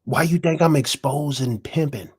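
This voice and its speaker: A man with a husky, slightly high voice speaks at a moderate pace, hosting his own channel. His casual monologue is profane and preachy, packed with slang and rhetorical questions.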